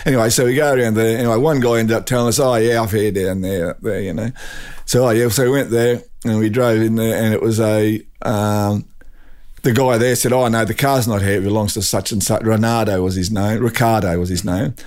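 An older man with an Australian accent, a guest telling a rambling, animated anecdote full of restarts. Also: fairly low pitch, brisk. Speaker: guest, retired drag racing champion. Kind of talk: storytelling anecdote.

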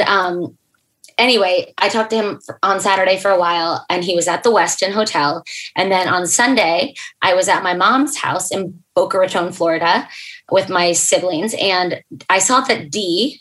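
A young adult woman, a podcast guest, telling an emotional personal story in an earnest, halting way, with fillers and restarts. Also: lowish voice, fairly bright tone, low-quality recording.

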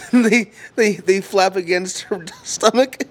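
A man's voice: high voice, slow. A man casually telling crude stories to friends, often stammering and giggling as he goes.

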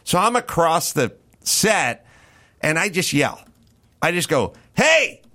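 A middle-aged man hosting a casual chat, telling a story with lots of swearing and loud bursts when he acts out his own lines. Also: fairly high pitch, slow pace. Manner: animated, profane, yells in retold lines. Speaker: podcast host.

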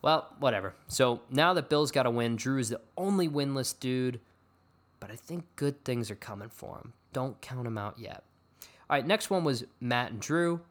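Expressive and medium-pitched, a man hosts a relaxed fantasy sports podcast at a normal pace. He meanders from subject to subject, joking around and making fun of himself.

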